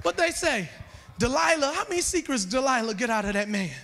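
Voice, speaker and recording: Male church elder, gravelly and bright, emphatic sermon delivery with humor, faint music underneath. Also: very high voice, big pitch swings, brisk, long reverb tail, a little hiss or hum. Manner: emphatic, shouting preacher with joking asides. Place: church sanctuary.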